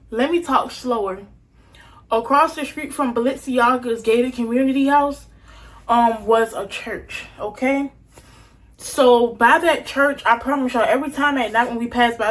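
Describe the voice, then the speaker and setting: A woman's voice: on the high side, low-quality recording. A young woman in her twenties casually telling a storytime to her viewers, chatty and slangy, often addressing them as y'all. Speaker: vlogger.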